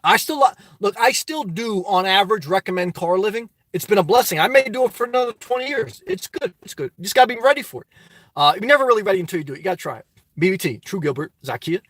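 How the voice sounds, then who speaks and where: A man with a New Jersey accent hosting a casual livestream, answering chat with animated rhetorical questions that swing from loud to soft. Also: high voice, fast, no room sound. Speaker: livestream host reading chat. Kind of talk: casual live chat monologue.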